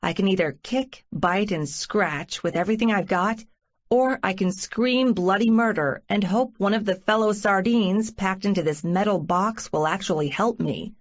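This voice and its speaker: A woman narrating a first-person romance audiobook in a measured inner-monologue style. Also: medium pitch. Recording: muffled lo-fi recording.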